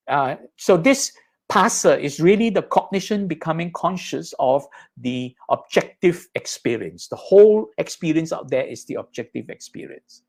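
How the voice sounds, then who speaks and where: Patient man teaching Buddhist ideas. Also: high-pitched. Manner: patient, explanatory, checks in with "right?" and "okay?". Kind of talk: lecture explaining slides.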